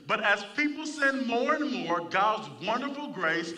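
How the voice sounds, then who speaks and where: A man's voice: high voice, animated, a little slow, distant mic, crowd noise. A man preaching a sermon in church, reading scripture and calling for responses from the congregation. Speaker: pastor.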